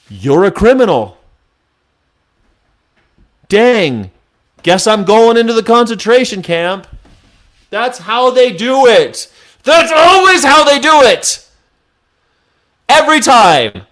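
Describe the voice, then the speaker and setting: A man's voice: on the high side, a little mellow. Angry sarcastic man ranting. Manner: angry, sarcastic, heckling, swears. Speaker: host reacting to news clips. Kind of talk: live-stream political rant.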